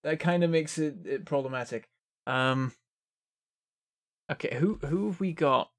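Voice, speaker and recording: A man's voice: a little high, measured pace. A man giving casual gameplay commentary, thinking aloud as he works things out. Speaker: game streamer.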